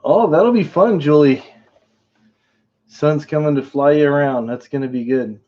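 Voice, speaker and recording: A man's voice: on the high side, measured pace, lo-fi sound. A man hosting a live stream in casual chat, rambling, laughing often and greeting viewers by name.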